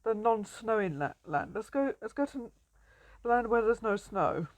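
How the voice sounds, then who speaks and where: A woman's voice: on the high side, lively intonation, moderate pace, darkish tone. A young woman chatting playfully while commentating a survival game she is playing. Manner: chatty and playful, often laughing and greeting animals. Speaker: gameplay commentator. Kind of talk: casual let's-play commentary.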